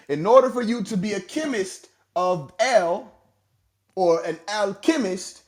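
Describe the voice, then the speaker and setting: A man lecturing in a preachy way on a live audio chat, posing rhetorical questions and answering them, stretching out key words for emphasis. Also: high voice. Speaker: host.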